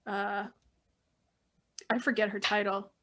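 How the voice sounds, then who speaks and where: A woman's voice: mid-range voice, level tone, slow, a bit bright. A woman guest in a casual panel chat, wry and matter-of-fact. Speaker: guest writer.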